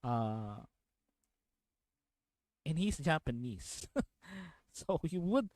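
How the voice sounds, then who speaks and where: A man's voice: a little high, sing-song, drawn-out words, darkish tone, no echo, rough recording. Rambling streamer man from the Philippines. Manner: rambling, repeats himself, laughs often. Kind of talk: casual stream chat, reacting to videos.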